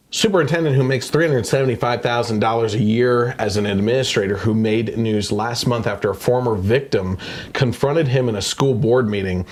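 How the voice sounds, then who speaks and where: A man with a lowish voice hosts a casual podcast. He reads news excerpts aloud and then comments on them with open indignation. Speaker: podcast host.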